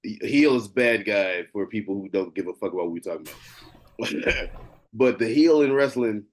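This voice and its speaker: A man hosting a podcast in casual chat, excitable and rambling, often stumbling over his words. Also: lowish voice, normal speed. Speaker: podcast host.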